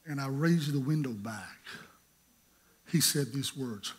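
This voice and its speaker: A middle-aged man from North Carolina, telling a lively, humorous story in a sermon and acting out the quotes. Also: mid-range voice, slow pace, long pauses, husky. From North Carolina, USA. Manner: animated, humorous, acts out quotes. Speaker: preacher.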